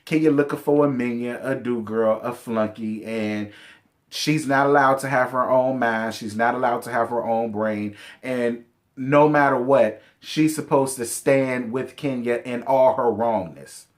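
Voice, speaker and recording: An unhurried man with a mid-range voice recaps a reality show casually. His manner is sassy, blunt and profane, and he speaks directly to the cast members.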